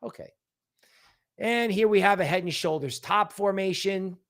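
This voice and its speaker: Animated sarcastic man hosting a crypto stream. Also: high voice, normal speed. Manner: animated, sarcastic, mock-quoting others. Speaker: crypto livestream host. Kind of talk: casual livestream commentary.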